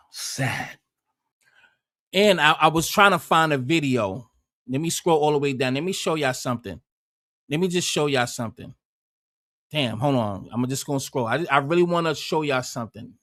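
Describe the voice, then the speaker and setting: A man's voice: fairly high pitch, animated, moderate pace, long pauses, pushed and bright. A man from the United States giving blunt, profane reaction commentary in a heated rant.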